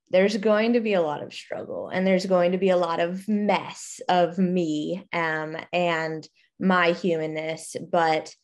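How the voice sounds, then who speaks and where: Slow, low-voiced young woman. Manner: reflective, laughs often, many fillers. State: pregnant, expecting first child. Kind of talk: casual faith conversation.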